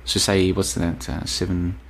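An Australian man with a fairly low voice hosts a casual live stream and reads out viewers' messages. He talks in loose, rambling runs and hammers his points home by repeating them. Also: flat delivery, a little slow. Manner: rambling, emphatic, repeats himself. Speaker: podcast host reading live chat. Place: apartment in Bulgaria.

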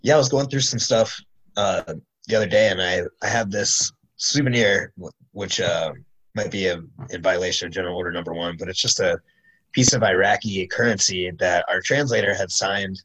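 Man, host, fairly low pitch, relaxed, hesitant phrasing. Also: moderate pace, low-quality recording. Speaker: podcast host. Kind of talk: casual interview.

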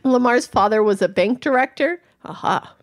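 A woman's voice: a little high, animated, moderate pace. A woman co-hosting a casual podcast chat, joking around and laughing often as she tells the story. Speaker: podcast co-host.

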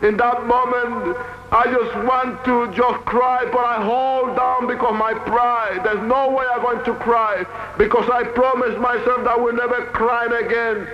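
High-voiced man giving an earnest testimony. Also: fairly even intonation, highs cut off. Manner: earnest, halting, repetitive phrasing. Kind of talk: emotional testimony sermon.

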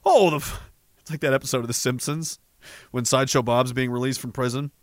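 A man's voice: medium pitch, steady tone, brisk, no echo, clean studio sound. A middle-aged man from Canada hosting a podcast in casual ranting commentary, sarcastic, profane and mocking, reading out listener messages.

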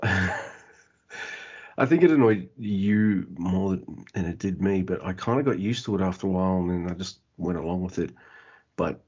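A man's voice: low-pitched, measured pace, darkish tone, slightly rough, lo-fi sound. A man co-hosting a podcast in a laid-back casual chat, often stumbling and restarting his sentences. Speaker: podcast co-host.

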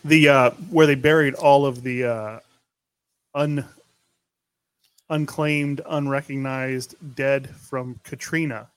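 A man's voice: medium pitch, fairly even intonation, slow, long pauses, clean tone, no room sound. A man co-hosting a podcast, telling rambling stories in casual chat and laughing often. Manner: rambling, laughing storyteller with restarts. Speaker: podcast co-host.

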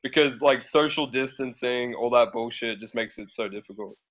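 A man's voice: medium pitch, normal speed, a bit bright. Laid-back Australian man, lo-fi sound. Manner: laid-back, hedging with fillers, swears. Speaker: guest, dating profile coach. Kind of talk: casual chat. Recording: dull lo-fi sound.

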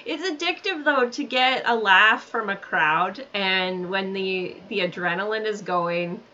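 A woman's voice: medium pitch, measured pace, pushed and bright. A woman interviewing a guest in a casual chat, asking curious, friendly questions. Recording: dull lo-fi with faint background noise.

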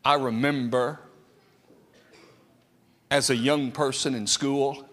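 A man preaching a sermon with a lively, dramatic delivery, sometimes acting out quotes. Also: mid-range voice, slow. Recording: long reverb of a hall.

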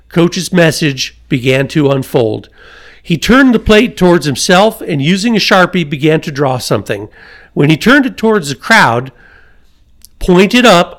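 A man hosting a podcast, reading a story aloud with his own asides and chuckles. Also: a little high. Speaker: podcast host.

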